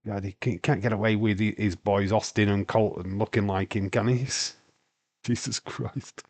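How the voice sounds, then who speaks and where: A man's voice: on the low side, fairly even intonation, moderate pace, darkish tone, dry recording. A man with a Yorkshire accent hosting a casual wrestling watch-along stream, rambling on and answering chat questions with lots of fillers.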